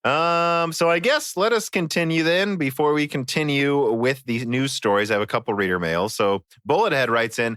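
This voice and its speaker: A man's voice: mid-range voice, normal speed, hardly any pauses, a bit bright, clean tone, no echo, clean studio sound. A man hosting a podcast, chatting casually and reading out listener mail. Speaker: podcast host.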